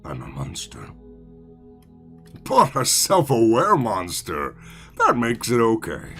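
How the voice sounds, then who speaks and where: A man's voice: medium pitch, huge pitch swings, slow, fairly bright tone, soft background music. A man streaming a game, talking to himself in sarcastic, rambling commentary. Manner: sarcastic rambling self-talk. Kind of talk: casual gameplay commentary.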